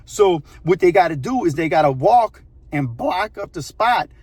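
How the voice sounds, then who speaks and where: Male host, husky voice, slightly high pitch, animated slangy storytelling. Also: normal speed, no echo. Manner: animated, slangy, repeats phrases for effect. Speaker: channel host. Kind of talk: casual storytelling.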